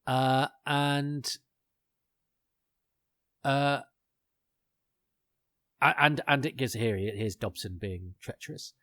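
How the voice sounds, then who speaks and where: A man's voice: medium pitch, steady tone, drawn-out words, long pauses, fairly bright tone, no room sound. Chatty man, dry close sound. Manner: enthusiastic, chatty, digressive with many fillers. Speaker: podcast host. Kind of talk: casual commentary chat.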